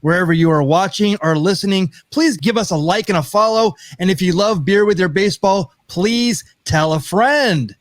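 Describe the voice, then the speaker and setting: A man's voice: high voice, moderate pace, hardly any pauses, dry recording, clean studio sound. A man hosting a podcast, reading upbeat scripted welcomes and trading chuckling asides with his co-hosts. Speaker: podcast host. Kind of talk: casual chat.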